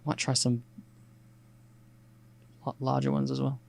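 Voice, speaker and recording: Aussie guy drawing on a stream, kinda flat monotone, gravelly, lots of ums. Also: mid-range voice, measured pace, very noisy. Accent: Australian, with some English RP picked up. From Australia. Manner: relaxed and rambling, thinking aloud with many fillers. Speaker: artist streaming a sketch. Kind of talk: casual narration while drawing.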